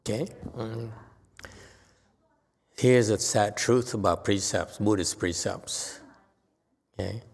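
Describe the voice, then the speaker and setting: A male Buddhist teacher giving an animated, emphatic dharma lecture. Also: lowish voice, slow pace, gravelly, pauses often. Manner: animated, emphatic, voices dramatic quotes. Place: temple lecture hall. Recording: long hall reverb.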